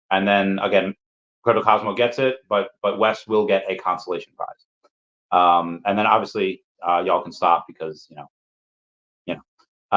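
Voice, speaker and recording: A man hosting a casual livestream reads viewer comments aloud, answering each with a playful aside. His voice is on the low side with a fairly bright tone. It's captured in dull lo-fi stream audio.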